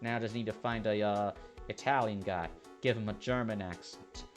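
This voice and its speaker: A man's voice: on the low side, fairly even intonation, moderate pace. A man casually commenting while playing a video game, joking and reading lines aloud with game music behind him. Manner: joking, voices the game's characters. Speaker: let's play host. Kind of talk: casual let's play commentary.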